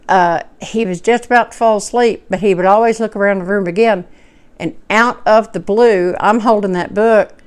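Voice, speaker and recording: A woman's voice: medium pitch, darkish tone, clean tone. Rambling woman telling a story. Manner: rambling, self-correcting, folksy. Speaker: cooking channel host telling a personal story. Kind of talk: casual personal storytelling.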